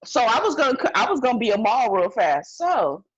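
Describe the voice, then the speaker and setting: A husky-voiced woman talks through a TV episode with friends, her pitch jumping around as she quotes characters and laughs. The sound is dull and lo-fi. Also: lively intonation, fast talker. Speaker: podcast co-host. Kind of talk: casual chat recapping a TV episode.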